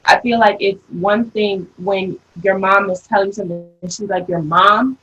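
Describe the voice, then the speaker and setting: A woman in her early twenties, a daughter, telling stories in a casual panel chat with an animated, laughing manner. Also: mid-range voice, moderate pace, slightly rough, rough recording. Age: early 20s. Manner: animated storytelling, laughs often.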